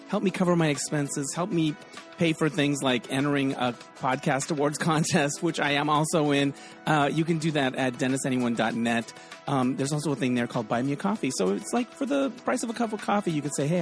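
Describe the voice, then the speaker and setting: Male podcast host, chatty and rambling, a touch high-voiced, with faint music underneath. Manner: chatty, rambling, laughs often. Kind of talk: casual chat.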